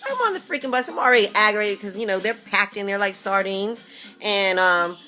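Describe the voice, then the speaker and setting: A woman's voice: medium pitch, animated, brisk, sharp tone, faint music behind. A woman vlogging casually about her weight loss, chatty, sassy and candid, talking straight to her viewers.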